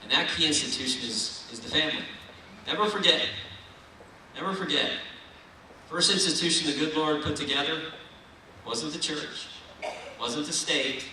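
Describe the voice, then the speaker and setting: Folksy, rousing male keynote speaker from Ohio, bright, slightly high voice, echoey hall, mic at a distance. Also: normal speed, a little hiss or hum. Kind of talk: political dinner speech. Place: large banquet hall.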